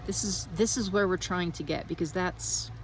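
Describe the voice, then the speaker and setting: Reflective woman musing out loud. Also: lowish voice, moderate pace, background noise. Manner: meandering, searching, repeats phrases. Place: outdoors in the wind.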